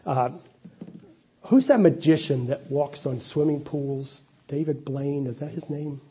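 A man's voice: on the high side, unhurried, breathy edge, muffled recording. A man preaching a sermon, reading scripture and then explaining it in a conversational way, with asides and restarts. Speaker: pastor.

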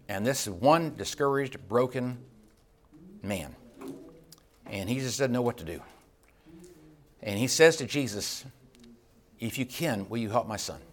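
A man leading a Bible class, talking in a loose, conversational way that breaks into restarts. He grows passionate, lifting his voice and then letting it sink low and quiet. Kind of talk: teaching sermon.

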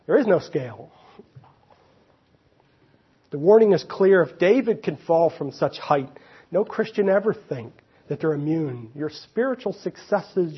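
A man preaching a sermon, swinging between loud emphasis and quiet, near-whispered moments. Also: on the high side, breathy edge, dull audio. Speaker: pastor.

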